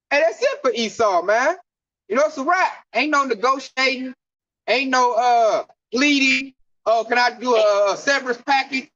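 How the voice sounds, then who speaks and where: A man's voice: extremely high pitch, sharp tone, dry recording. Fiery slangy preacher man, dull dry sound. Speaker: camp teacher. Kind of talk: street sermon teaching.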